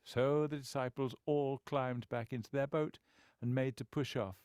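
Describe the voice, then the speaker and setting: A man narrating a book as an expressive storyteller with wry asides, close to the mic. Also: mid-range voice, moderate pace, clean tone, no echo. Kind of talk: scripted narration.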